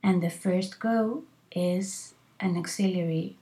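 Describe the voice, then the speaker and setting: A woman teaching an English grammar lesson, speaking slowly and repeating example phrases so learners can practise them. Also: medium pitch, darkish tone.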